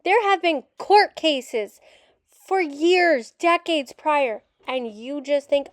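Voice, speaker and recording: A woman with a high voice rants in frustration as she reacts to a documentary, cursing without apology. Her sound is dry and close to the mic, with no room around it. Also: slow, no room sound. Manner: frustrated, ranting, swears openly. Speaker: adoptee commentator. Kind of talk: reaction rant video.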